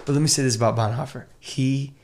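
A man talking casually as a podcast guest, animated and acting out quotes as he tells stories. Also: mid-range voice, fast, creaky, a little hiss or hum. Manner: animated storyteller, acts out quotes.

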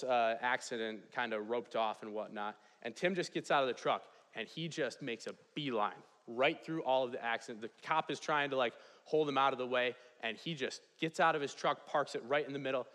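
A young man preaches with lively storytelling energy, his voice bright and forward. He keeps checking in with the listeners as he tells his story. The sound carries a long reverb from a large chapel hall. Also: medium pitch. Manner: energetic, animated storytelling with frequent "right?". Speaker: chapel speaker, residence hall director. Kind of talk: storytelling sermon.

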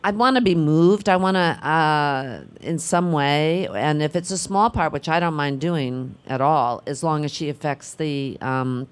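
An older actress speaking casually on a film panel, musing and halting, with frequent restarts and fillers. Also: female voice, low-pitched, smooth.

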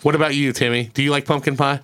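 Bright-voiced swearing podcast guy. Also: medium pitch, fairly even intonation, quick pace. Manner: profane, rambling storyteller. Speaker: podcast host. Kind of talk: casual podcast chat.

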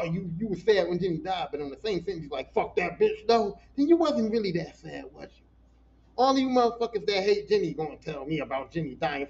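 A man hosting a casual solo podcast, ranting in an animated, profane way and talking back to his listeners. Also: sits high, dull audio. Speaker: podcast host.

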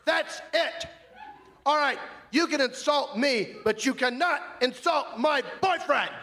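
A man's voice: fairly high pitch, steady tone, moderate pace, a bit bright, lightly acted. A man doing a fussy, gossipy chatterbox. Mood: indignant. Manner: gossipy and prissy, rambling with fillers. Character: flamboyant, fussy, chatty man telling a grievance. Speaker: stand-up comic in character. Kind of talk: live comedy monologue. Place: live stage.

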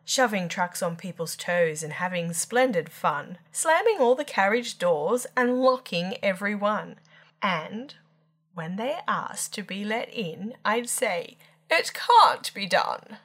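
Woman storyteller, unhurried pace, lilting playful reading, children's rhymes. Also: fairly low pitch. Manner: expressive, lilting, playful emphasis. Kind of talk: reading children's poems aloud.

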